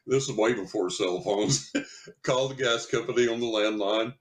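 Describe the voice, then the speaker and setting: A man, a psychic medium guest on a podcast, telling a story in an animated way and laughing as he talks. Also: medium pitch, normal speed. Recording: roomy echo.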